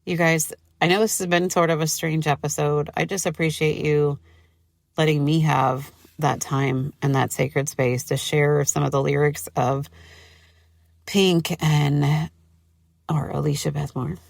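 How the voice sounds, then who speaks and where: A woman hosting a solo podcast in a low voice with a gravelly edge. She talks casually and gushes, with lots of "like" and fillers. The sound is dry and close, with no room echo. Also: steady tone, measured pace. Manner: chatty, gushing, lots of "like". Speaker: podcast host.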